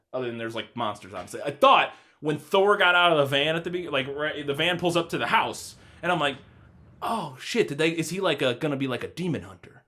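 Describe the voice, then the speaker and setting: Brief: male podcast host, slightly high voice, rambling casual chat, laughs a lot, swears freely. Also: sharp tone.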